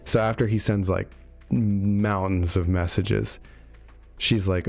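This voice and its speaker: Reviewing game lore for his video, this host speaks slowly in a fairly low, gravelly, darkish voice with a steady tone. He recaps the story casually, full of fillers and dry, sarcastic jokes, while faint music plays behind him.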